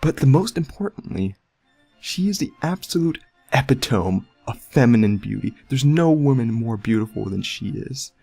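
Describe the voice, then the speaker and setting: A young man pushes his card to his friends with emphatic, salesman-style insistence. The talk is a casual game chat. Soft music plays faintly underneath. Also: medium pitch, expressive, normal speed, vocal fry, slightly rough. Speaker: player.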